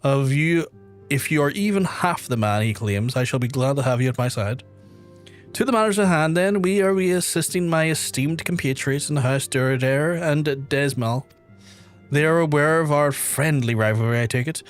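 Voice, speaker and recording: A man's voice: a little high, moderate pace, faint music behind, natural voice. A man reading as a proud young noble knight. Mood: formal. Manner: stiff, formal reading with stumbles.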